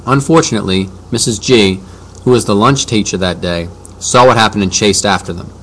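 Low-voiced man narrating a storybook. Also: a little fast, a bit bright, slight background noise. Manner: conversational, boyish storytelling. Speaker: audiobook narrator. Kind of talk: first-person storybook narration.

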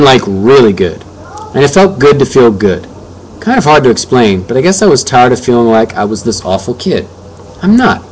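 A man's voice: mid-range voice, slight background noise, rough recording. A man reading a first-person audiobook narration in an earnest, reflective way.

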